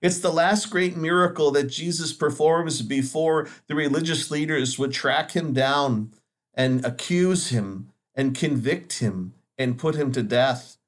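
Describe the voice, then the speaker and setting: A man speaking as a Catholic priest, giving a Sunday homily in an earnest, measured way with dramatic pauses. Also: on the high side.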